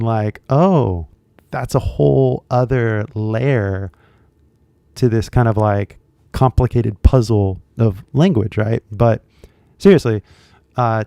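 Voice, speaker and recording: A man's voice: medium pitch, creaky, mellow, no room sound, clean studio sound. A young man teaching English in a casual, rambling spoken lesson, full of fillers and asides. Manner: chatty, rambling, lots of fillers.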